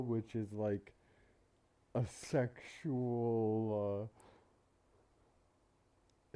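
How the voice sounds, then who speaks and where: Slow, very dark-voiced man rambling. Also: mid-range voice. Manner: rambling, filler-heavy, profane. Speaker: anime reaction channel host. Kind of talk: casual reaction commentary.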